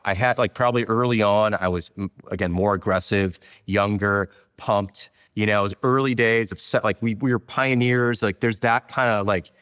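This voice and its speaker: A middle-aged software company founder appears as a guest in a casual interview, sounding reflective and candid and affirming things with short yeses. His voice is lowish and a bit bright. The recording is clean studio sound with no room sound, yet also carries a big-room quality.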